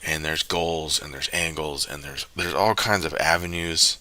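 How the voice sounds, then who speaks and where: A man's voice: a bass voice, fairly even intonation, moderate pace, bright, forceful tone. A man hosting a stream, talking in a rambling, casual monologue full of jokey asides and self-corrections. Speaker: stream host.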